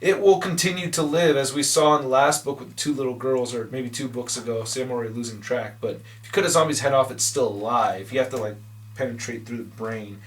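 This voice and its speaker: Sex: man. Role: comic book reviewer. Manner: profane, rambling, excitable. Pitch: mid. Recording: voice set back from the mic. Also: a little fast, far from the mic.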